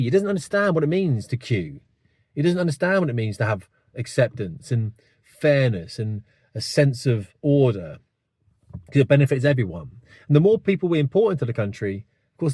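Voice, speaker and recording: A man's voice: mid-range voice, a little mellow, dry recording, studio quality. A man, delivering a rambling, blunt opinion monologue to camera with many asides. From England. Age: 50s. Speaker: vlogger.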